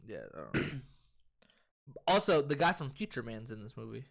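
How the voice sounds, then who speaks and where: A man's voice: mid-range voice, moderate pace, creaky. A young man co-hosting a casual movie review chat, retelling scenes with swearing and laughter. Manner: animated, profane, laughs while retelling scenes. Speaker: co-host.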